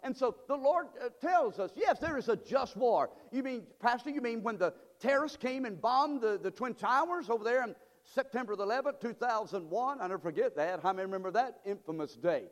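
A man preaching a sermon as pastor, emphatic and rising to shouts. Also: very high voice, lively intonation, a little fast, hardly any pauses. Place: church sanctuary. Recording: long reverb of a church hall.

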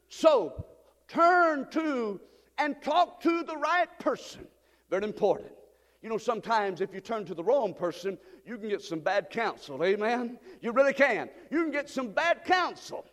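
A male pastor preaching a sermon, building up to fervent shouted passages. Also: very high-pitched, lively intonation, unhurried, big-room sound.

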